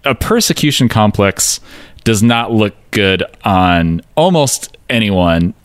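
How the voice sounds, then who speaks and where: A man with a fairly low voice talks through song lyrics in a relaxed podcast chat, dry and wry, with fillers and small laughs. The sound is close and dead, with no room around it. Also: takes it slowly, dry recording. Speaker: podcast co-host.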